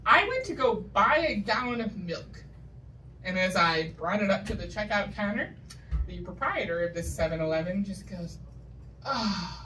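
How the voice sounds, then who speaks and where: A New England woman performs stand-up on a comedy stage, spinning wry, self-deprecating stories with punchy asides. Her medium-pitched voice is very animated and moves at a moderate pace. The live recording picks her up from a distance, with a loud audience and a little hiss or hum.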